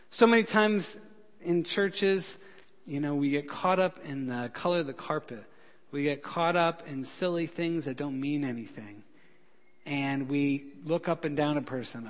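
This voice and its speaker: A male pastor preaching a sermon, telling stories with feeling, rising loud for emphasis and dropping soft when he pleads. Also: fairly high pitch, normal speed. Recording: long hall reverb.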